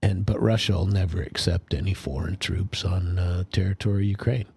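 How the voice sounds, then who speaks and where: A man's voice: sits low, steady tone, brisk, gravelly, a little mellow, slightly rough. A man hosting a political commentary show, talking casually and rambling with many fillers and restarts. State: sleepy, yawning.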